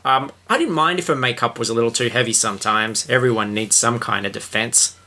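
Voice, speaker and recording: A man's voice: mid-range voice, brisk, pushed and bright. Rambling, jokey podcast host man. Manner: rambling, jokey, lots of fillers. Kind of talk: casual chat about a book and film.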